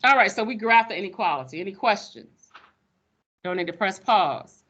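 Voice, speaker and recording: A woman's voice: medium pitch, lively intonation, normal speed, fairly bright tone, dull audio. A woman teaching a math class, sassy and playful with her students. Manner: sassy, playful, calls students sugar baby.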